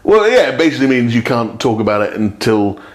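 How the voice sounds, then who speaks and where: A man chatting on a podcast, telling a story with big swings in pitch. He keeps slipping into little impressions of the people in his tale, so his telling feels lively and animated. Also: brisk. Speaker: podcast guest. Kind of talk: casual storytelling chat.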